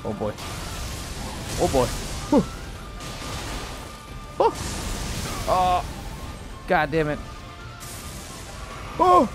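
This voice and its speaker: A man's voice: a little high, huge pitch swings, drawn-out words, long pauses. A man giving live gameplay commentary as a gaming YouTuber, rambling and repeating words, with frequent exclamations. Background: background music.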